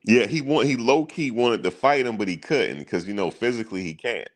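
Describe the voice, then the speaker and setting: A man's voice: medium pitch, lively intonation, fairly quick. A man hosting a sports channel, chatting casually in loose, slangy banter and chuckling at his own stories.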